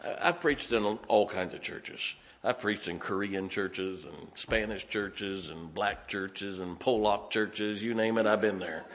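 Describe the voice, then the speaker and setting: A man's voice: lowish voice, a little slow, hardly any pauses, slight background noise. A man preaching a sermon as pastor, folksy and joking, telling stories and raising his voice for emphasis. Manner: lively, raises voice for emphasis.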